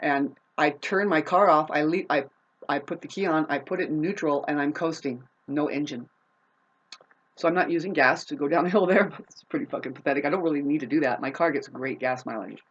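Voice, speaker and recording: A woman ranting to camera in a profane, rambling, confrontational way, swinging between loud outbursts and low muttering. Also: brisk, husky, dull audio. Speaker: vlogger. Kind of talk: unscripted rant to camera.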